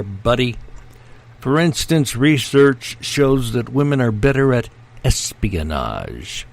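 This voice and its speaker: Man, host, slow unhurried delivery, wry jokey asides, uh fillers. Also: medium pitch. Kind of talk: casual news-roundup commentary.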